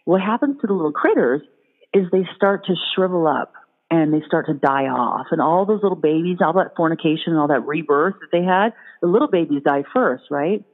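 Woman spinning lively tales, phone-like echo. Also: sits low, fairly quick. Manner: animated storytelling with playful voices for imagined critters. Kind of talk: casual chat. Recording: phone-like sound in a long-reverb hall.

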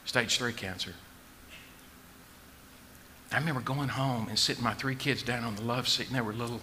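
Folksy preacher man, bright tone. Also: medium pitch, normal speed, slight background noise. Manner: folksy, joking, swings from quiet to shouting. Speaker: pastor. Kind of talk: sermon.

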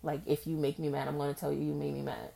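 A woman's voice: quick pace, creaky. A young woman hosting a casual solo podcast, talking candidly and acting out past conversations. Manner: candid and expressive, acts out past conversations in a high voice. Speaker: podcast host.

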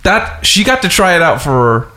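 A man hosting a podcast with a fairly high voice. He asks questions in a curious, conversational way and works out his thoughts as he goes. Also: big pitch swings, moderate pace, pushed and bright. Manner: conversational, curious, thinks aloud. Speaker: podcast host. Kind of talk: casual interview chat.

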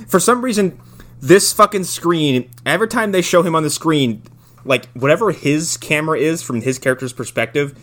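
A man's voice: on the high side, normal speed, a bit bright. A man recapping a movie in casual chat, wry and swearing casually. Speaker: podcast co-host.

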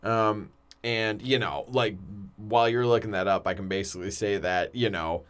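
A man's voice: lowish voice, moderate pace, smooth. A man co-hosting a casual podcast, telling stories with lots of laughter and casual swearing. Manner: animated storyteller, laughs a lot, swears casually. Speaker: podcast co-host. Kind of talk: casual chat.

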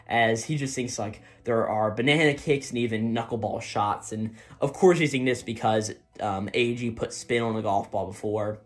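A man's voice: mid-range voice, moderate pace, few pauses. Rambling, casual man recapping a comic. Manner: rambling, filler-heavy, keeps asking "right?". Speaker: manga recap host. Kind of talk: casual chat.

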